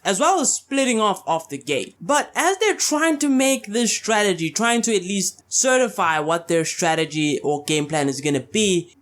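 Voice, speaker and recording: Guy doing a chill manga recap, slangy, voice bouncing all over the place. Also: high voice. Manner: slangy, retells dialogue loosely. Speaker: manga reviewer. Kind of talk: casual chapter breakdown.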